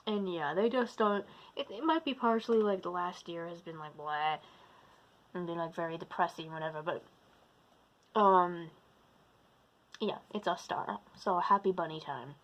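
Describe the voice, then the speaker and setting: A woman's voice: lowish voice, moderate pace, long pauses, low-quality recording. A woman vlogging to her camera, slipping into a put-on British-like accent, rambling, losing her train of thought and restarting. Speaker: vlogger, practicing witch and druid. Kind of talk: casual talking-to-camera vlog. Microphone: camera recording herself.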